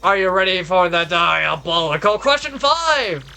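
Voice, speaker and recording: A man's voice: high-pitched, animated, measured pace, gravelly, faint music behind, exaggerated voice. A tired man voicing a boastful stone block quiz master creature in a video game, theatrical and taunting. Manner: theatrical, taunting, loudly outraged when beaten. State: tired, strained voice. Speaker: gamer voicing game characters.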